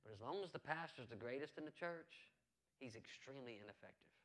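A man's voice: mid-range voice, lively intonation, brisk, fairly bright tone. A male pastor preaching a sermon in an earnest, conversational way, repeating phrases and adding asides.

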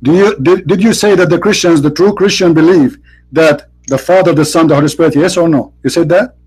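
Husky man interrupting in debate. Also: on the high side, a little fast, a little mellow, low-quality recording. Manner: interrupting, repeats "listen" and "hold on". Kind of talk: heated debate.

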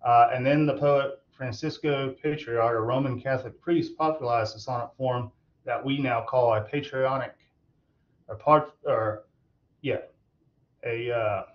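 Male tutor, mid-pitched, loose and halting delivery with fillers, dull lo-fi recording. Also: steady tone. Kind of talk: recorded online lecture.

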